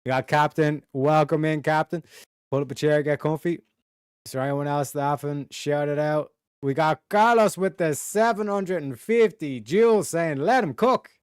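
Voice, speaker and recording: Smooth-voiced man hosting a livestream. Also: a little high, normal speed, no echo, clean studio sound. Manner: profane, drawling shout-outs to chat. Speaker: livestream host. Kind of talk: casual livestream chat.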